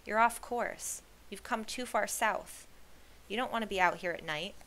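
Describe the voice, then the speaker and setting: A woman voicing a brusque older female shepherd in a storybook reading, loud and commanding. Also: mid-range voice, moderate pace, natural voice. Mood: firm.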